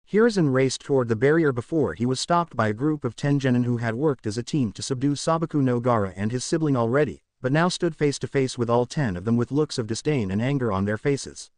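Man narrating fan fiction, lively pitch. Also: brisk, hardly any pauses, dry recording, studio quality. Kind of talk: story narration.

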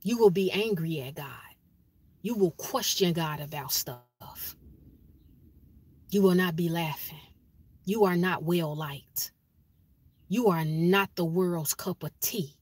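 A woman's voice: on the low side, slow, pauses often, darkish tone, slightly rough, no room sound. A woman, giving a blunt, preachy monologue in casual vlog style and hammering home her points with repeated phrases. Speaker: spiritual vlogger.

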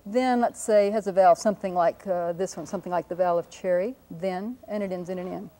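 A woman's voice: mid-range voice, steady tone, brisk, hardly any pauses, dark tone, rough recording. A woman teaching a linguistics lesson at a whiteboard, patiently sounding out example words and correcting her own slips as she goes. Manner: self-correcting, apologizes for slips. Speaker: linguistics lecturer. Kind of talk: explanatory classroom lesson at a whiteboard.

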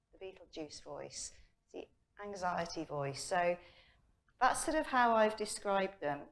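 Woman coach, middle-aged, conference talk, animated storytelling. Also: on the low side. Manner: lively storytelling, acts out her inner voice. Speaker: personal development coach. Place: conference hall.

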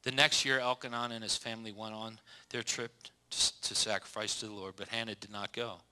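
A man's voice: fairly low pitch, level tone, brisk, bright, forceful tone, smooth. A man preaching a casual sermon, folksy and joking, reading Bible passages with small slips and restarts. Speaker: pastor.

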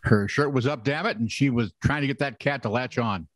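A man's voice: medium pitch, a little fast. Wry man joking through odd news. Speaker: podcast co-host. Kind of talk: casual comedic news chat.

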